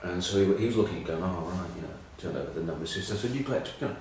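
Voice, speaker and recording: A man's voice: deep voice, racing, darkish tone, very echoey, recorded from a distance, slight background noise, rough recording. A middle-aged English man telling rambling, self-mocking rugby stories in casual chat. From England. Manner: rambling, self-mocking anecdotes with many ums. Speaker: rugby pundit.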